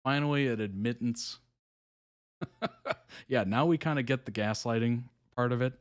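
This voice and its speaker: Here a man with a clean-toned, mid-range voice hosts a live reaction stream at a moderate pace. He keeps things casual and chatty, reading viewer comments aloud and laughing softly and often, with plenty of fillers.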